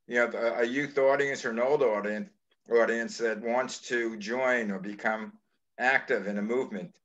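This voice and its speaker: A man's voice: medium pitch, fairly even intonation, moderate pace, fairly bright tone, muffled recording. A man hosting a chat show, talking earnestly with many halts and restarts. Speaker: show host. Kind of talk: casual interview chat.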